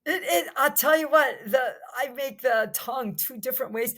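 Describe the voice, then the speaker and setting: A woman's voice: high voice, normal speed, sharp tone. An older woman from New Jersey, a podcast guest chatting casually, enthusiastic and rambling, full of restarts. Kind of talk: casual chat.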